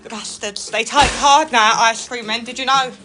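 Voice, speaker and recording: A woman's voice: a little high, fairly even intonation, moderate pace, over music. A middle-aged woman, chatting and gossiping with viewers on a livestream from outdoors, greeting them by name. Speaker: livestream host. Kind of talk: casual chat to viewers. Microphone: phone.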